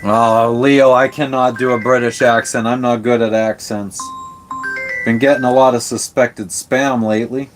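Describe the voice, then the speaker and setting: A man's voice: medium pitch, flat delivery, moderate pace, soft background music. A man hosting a live stream from his sailboat, chatting casually with viewers, laid-back and rambling, swearing freely. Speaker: livestream host answering chat.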